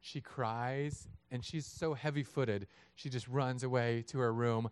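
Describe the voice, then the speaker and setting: A man in his thirties preaching a sermon, lively and acting out voices of God and people in his story. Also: medium pitch, a little slow, few pauses, smooth, no echo. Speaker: pastor.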